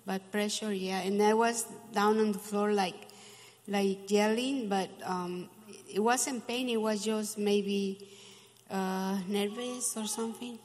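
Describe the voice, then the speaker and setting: Slow, halting older woman. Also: medium pitch, steady tone, a little mellow, big-room sound. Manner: hesitant, halting, many fillers. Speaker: guest. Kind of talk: casual recollection.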